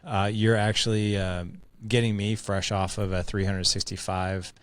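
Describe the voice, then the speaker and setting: A man's voice: lowish voice, normal speed, clean tone, no room sound, studio quality. A man hosting a podcast interview, joking and chatty with plenty of fillers. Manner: jokey, energetic, many fillers. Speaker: podcast host. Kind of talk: casual interview chat.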